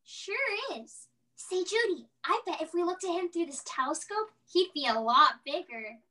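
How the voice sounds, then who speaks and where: A young actor playing an excitable young boy with old-fashioned kid slang in a high school stage play. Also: moderate pace, heavily acted.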